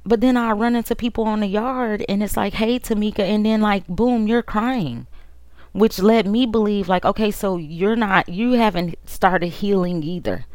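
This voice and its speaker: A woman's voice: medium pitch, a little mellow, no room sound, studio quality. A woman podcast host candidly recounting a personal story in an emotional, conversational way. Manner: candid and emotional, with quick asides.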